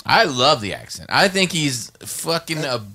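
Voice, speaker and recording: Excitable swearing co-host dude, bright voice, lots of pitch swing. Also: male voice, unhurried, creaky. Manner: profane, enthusiastic. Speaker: podcast co-host. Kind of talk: casual chat.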